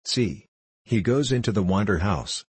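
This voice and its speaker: Timid little boy, shrill and fearful, husky underneath, read by a man. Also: animated, unhurried, no echo, exaggerated voice.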